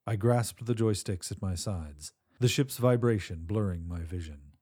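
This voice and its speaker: A man's voice: lowish voice, normal speed, a little mellow, slightly rough, no echo, clean studio sound. A man reading a first-person sci-fi story aloud as scripted narration, in a tense and dramatic manner.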